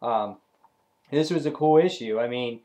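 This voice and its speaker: Man, comic book reviewer, casual, rambling, lots of fillers, mid-pitched voice. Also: unhurried, warm tone. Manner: rambling retelling with many fillers.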